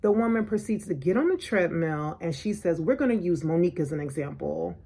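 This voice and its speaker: A woman vlogger telling a personal story in an animated, indignant way, acting out what people said. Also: fairly low pitch, brisk, vocal fry, husky. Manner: animated, indignant, acts out quotes. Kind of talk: storytelling vlog.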